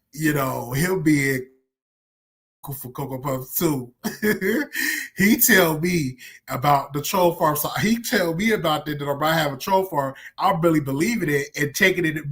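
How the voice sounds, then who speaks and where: Man, somewhat high-pitched, livestream host, candid, animated, repetitive. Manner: candid, animated storytelling, repeats himself. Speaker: show host. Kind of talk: casual livestream commentary.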